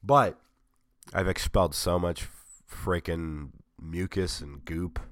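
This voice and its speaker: Sarcastic, sick, low-voiced man rambling. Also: slow, dry recording. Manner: sarcastic, rambling, self-mocking. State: sick with a cold, voice strained. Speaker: vlogger. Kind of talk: casual chat.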